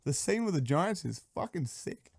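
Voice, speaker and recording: A man's voice: fairly high pitch, big pitch swings, normal speed, creaky, no echo. A man co-hosting a casual podcast, joking and swearing freely in banter with his friends. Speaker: podcast co-host.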